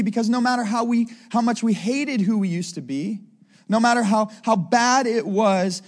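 A man's voice: high voice, a little mellow. A man giving a conversational sermon, often asking his listeners "right?" as he teaches. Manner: conversational preaching, asks the crowd "right?" often. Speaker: preacher.

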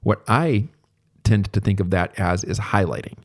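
A man giving a relaxed, conversational recorded lecture as a therapy instructor, thinking aloud as he explains. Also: on the low side, normal speed.

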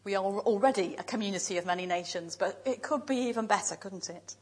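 Husky-voiced woman preaching a sermon. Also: mid-range voice, a little mellow, poor audio. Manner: measured, emphatic lists with pauses. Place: church.

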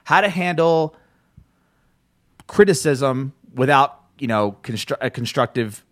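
A man's voice: mid-range voice, unhurried, no echo, studio quality. A man hosting a podcast in casual chat, telling stories with lots of laughs and swearing. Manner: animated storyteller, swears freely, laughs often. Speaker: podcast host.

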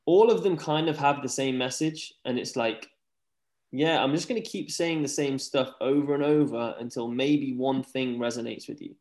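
A young man, a guest talking casually on a podcast, energetic and rambling, saying "like" a lot. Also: medium pitch, moderate pace. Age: young adult. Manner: energetic, rambling, says "like" often. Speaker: guest, former pro tennis player. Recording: roomy echo.

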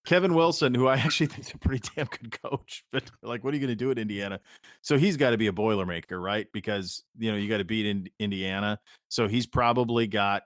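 A man's voice: fairly low pitch, quick pace, no echo, clean studio sound. A man co-hosting a podcast, rambling through stories in casual chat and swearing lightly. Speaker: podcast co-host.

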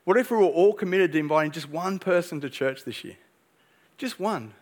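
A man's voice: fairly high pitch, expressive, brisk. A young man preaching a sermon as pastor, earnest and emphatic, pressing his points with rhetorical questions.

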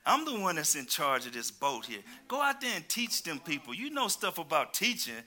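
A man's voice: a little high, sing-song, normal speed, pushed and bright, exaggerated voice. A male preacher voicing a tired, exasperated fisherman who complains in slang during sermon storytelling. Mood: grumbling.

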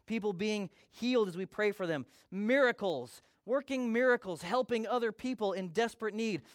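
A middle-aged man preaching a sermon as pastor, conversational and animated, acting out little quotes. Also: high voice, moderate pace, dry recording, clean studio sound.

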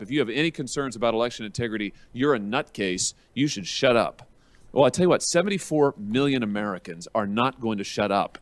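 A man speaking at a hearing, making a forceful speech built on repeated phrases. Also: medium pitch, dry recording. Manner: forceful, repetitive rhetorical emphasis. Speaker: politician giving a speech.

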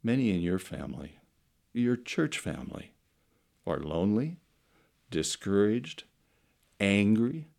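A middle-aged man preaching a sermon through slow, dramatic storytelling that swings between loud and soft. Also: on the low side, lively intonation, gravelly. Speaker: pastor.

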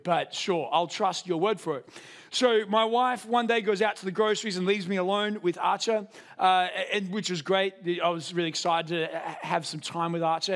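A young man preaching a sermon. He tells a story with self-deprecating humor, in an animated way. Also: high-pitched.

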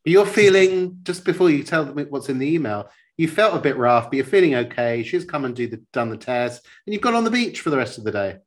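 A man's voice: fairly high pitch, expressive. A man hosting a casual conversation, cutting in with questions and recaps of the guest's story. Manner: interjects with quick questions and recaps.

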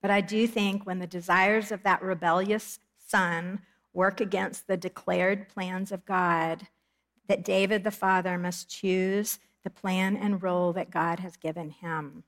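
A middle-aged woman giving a Bible study lesson in an earnest, measured way, reading scripture aloud and explaining it. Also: fairly low pitch, little pitch movement. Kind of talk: Bible teaching lecture.

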